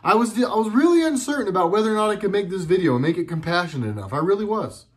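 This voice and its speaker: Racing along in a high-pitched, expressive voice, a middle-aged man delivers a rambling, earnest monologue at home for his video blog. He frequently breaks off sentences and starts them again.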